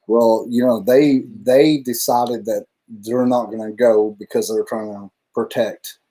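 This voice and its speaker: A man's voice: mid-range voice, fairly even intonation, measured pace, dark tone. A man co-hosting a casual live stream, talking in a loose, rambling way and swearing freely. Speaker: livestream co-host.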